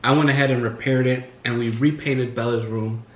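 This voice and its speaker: A man's voice: mid-range voice, fairly even intonation, a little fast, muffled recording. Rambling man chatting in an echoey room. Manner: rambling, filler-heavy storytelling. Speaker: host. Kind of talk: casual chat while eating. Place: living room at home. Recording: echoey room, faint music.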